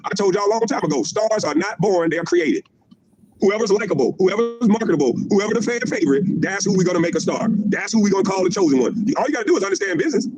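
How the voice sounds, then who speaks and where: A man's voice: high voice, slight background noise, poor audio. A middle-aged man delivering a profane, mocking livestream rant, repeating his jabs and laughing at them. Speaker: former pro basketball player ranting on a stream.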